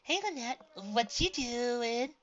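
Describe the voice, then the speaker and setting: A woman's voice: a little high, lively intonation, slow, fairly bright tone, muffled recording, voice pushed up. A woman voicing a kindly, plain-spoken earth pony friend. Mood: caring.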